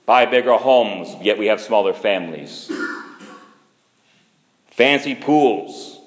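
A man preaching a sermon, slow and emphatic, with sudden rises and drops in pitch and loudness. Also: expressive. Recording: echoey hall.

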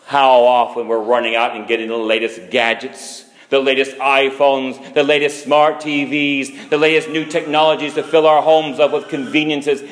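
A man preaching a sermon, slow and emphatic, with sudden rises and drops in pitch and loudness. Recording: echoey hall.

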